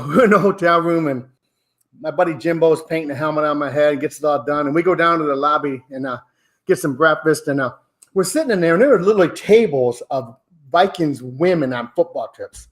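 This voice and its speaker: Brief: man in his sixties, loud, profane, casual storyteller with a fairly high voice. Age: 60s. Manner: rowdy, profane, laughing storyteller. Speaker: podcast regular telling a story.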